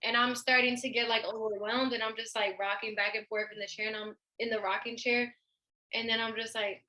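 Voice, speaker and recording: A young woman with a bright, high-leaning voice, chatting casually as a podcast co-host. She tells her stories with lots of fillers and acts out the voices of the people in them. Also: level tone, fairly quick, low-quality recording. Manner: storytelling, acts out quoted voices. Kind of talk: casual chat.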